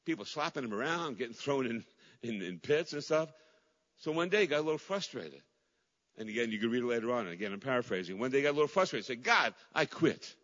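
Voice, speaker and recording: A middle-aged male pastor preaching with fervor, his voice leaping from ringing cries down to hushed, near-whispered lines, phrases repeated for weight. The sound is a little dull and muffled, and his words trail off into a long echo from a big church hall. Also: mid-range voice, animated, fast. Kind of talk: sermon. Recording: dull recording in a large reverberant hall.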